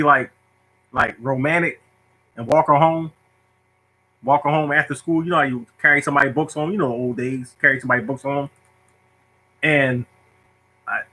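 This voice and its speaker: A middle-aged man hosts a casual storytelling monologue for viewers, recounting a funny childhood tale while laughing often and acting out its characters. His mid-range voice sounds pushed and bright, and the recording quality is low.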